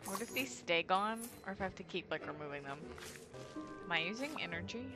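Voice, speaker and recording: A young woman hosting a gaming channel giggles, gasps, and squeals through chatty let's play commentary, leaning heavily on "like." Her lowish voice moves briskly over background music.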